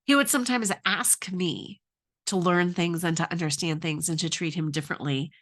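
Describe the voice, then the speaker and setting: A woman's voice: lowish voice, normal speed, a bit bright. Middle-aged woman coach, earnest, lots of questions, sharing her own marriage story. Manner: earnest, asks many questions. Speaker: relationship coach. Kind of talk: advice talk with personal story.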